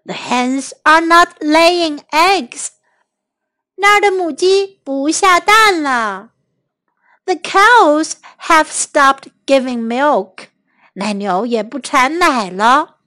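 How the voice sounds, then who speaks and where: A gentle storybook cow pleads in a soft, slightly raised voice, as a woman puts her on. She coaxes slowly and kindly. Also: sits high, animated, full character voice. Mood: pleading. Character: pleading farm cow, female.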